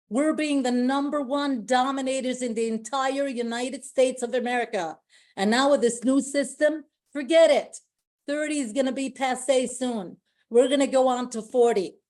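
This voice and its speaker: A woman's voice: high-pitched, moderate pace, darkish tone. A woman giving an emotional, effusive motivational speech to her company team on a call, often repeating herself and restarting sentences.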